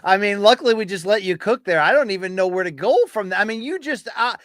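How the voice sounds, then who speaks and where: A man co-hosting a casual podcast, trading playful banter and laughing often. His voice is fairly high, and the recording is dry and close. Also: fast, a bit bright, dry recording. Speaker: podcast co-host. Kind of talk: casual chat.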